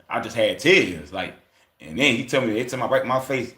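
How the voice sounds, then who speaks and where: A man's voice: on the low side, animated, a little fast, a bit bright, reverberant. A man hosting a livestream, talking casually in loose, profane street slang and acting out quoted voices as he goes. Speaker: livestream host.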